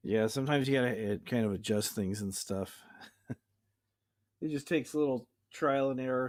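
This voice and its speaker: A man's voice: mid-range voice, a little mellow. A man casually showing off his home recording gear in a rambling, easygoing way. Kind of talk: casual show-and-tell chat. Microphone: webcam.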